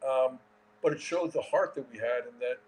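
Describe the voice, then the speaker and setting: A man in his sixties, a former baseball player and manager, telling stories in a casual interview with an animated delivery and frequent restarts. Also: mid-range voice, normal speed, a little hiss or hum, rough recording.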